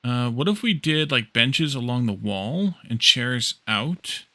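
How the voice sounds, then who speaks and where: This man's mid-range voice moves at a slow pace as he plays a building game on stream. Relaxed, he talks through his crafting and replies to messages from chat.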